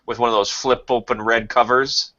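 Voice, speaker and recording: A man's voice: medium pitch, steady tone, moderate pace, sharp tone. A man in casual chat, telling profane, laughing stories about his childhood. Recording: dull lo-fi sound.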